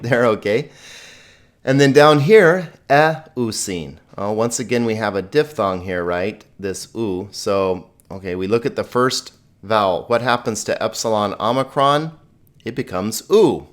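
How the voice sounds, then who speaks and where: A man teaching a recorded Greek grammar lesson in a patient, chatty way, slowly spelling out Greek words and laughing at his own typing slips. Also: fairly low pitch. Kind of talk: recorded screen lecture.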